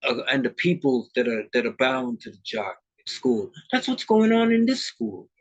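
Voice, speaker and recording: Man guest, husky, very lively pitch, emphatic, slips into character voices. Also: moderate pace, muffled recording. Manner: animated, acts out characters mid-talk; emphatic, street-style talk. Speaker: musician guest. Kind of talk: casual interview chat.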